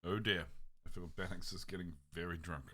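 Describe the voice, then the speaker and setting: Low-voiced player, quiet mumbled asides. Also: male voice, fairly even intonation, brisk. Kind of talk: casual chat around a game table.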